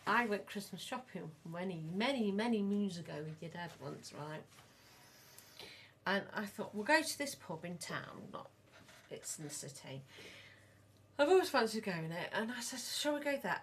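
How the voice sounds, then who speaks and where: Middle-aged woman, podcast co-host, rambling animated storyteller, mid-pitched voice. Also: normal speed. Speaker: podcast co-host, mother of the other host. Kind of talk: casual chat.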